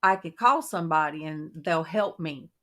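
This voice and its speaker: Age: middle-aged. Sex: woman. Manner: folksy, animated storyteller. Style: casual chat. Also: deep voice, moderate pace. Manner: folksy, animated storyteller, quoting herself and laughing. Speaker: host of a Christian women's coffee talk panel.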